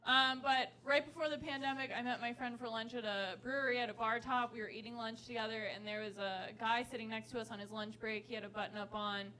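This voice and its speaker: A woman's voice: a little high, quick pace, few pauses. A young woman performing a self-deprecating stand-up set on a comedy club stage into a handheld mic. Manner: self-deprecating, animated, laughing between lines. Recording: club recording with crowd laughter. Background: audience laughter.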